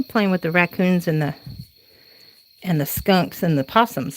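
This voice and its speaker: Speaking a little slowly with frequent pauses, this Southern woman in her forties has a lowish voice, and there's slight background noise. She rambles and laughs as she walks room to room during her casual late-night crafting stream, talking to her viewers.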